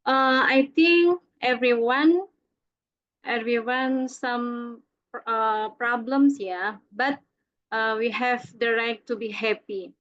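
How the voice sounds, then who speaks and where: A woman with an Indonesian accent giving a halting presentation on an online call, full of fillers and restarts. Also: on the high side, steady tone, fairly bright tone, lo-fi sound. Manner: hesitant, many fillers. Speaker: student presenter. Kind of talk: halting presentation in a second language.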